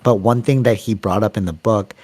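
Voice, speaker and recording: A man with a lowish voice talks through ideas in a relaxed podcast chat. He rambles and circles back, acting out little quotes as he goes. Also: brisk, slightly rough. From Canada. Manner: rambling, animated storytelling with acted-out quotes. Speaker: podcast co-host. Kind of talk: casual chat.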